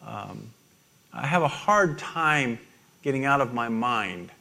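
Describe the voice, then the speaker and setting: A middle-aged man preaching a sermon, halting and self-deprecating, with many restarts and small laughs. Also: medium pitch, lively intonation, vocal fry, sharp tone. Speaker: pastor.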